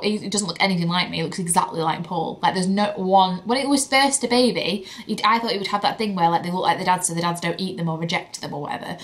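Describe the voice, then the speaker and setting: A woman's voice: mid-range voice, a bit bright. A young woman, chatting candidly to camera as a vlogging mother, with lots of "like" fillers. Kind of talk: casual chat to camera.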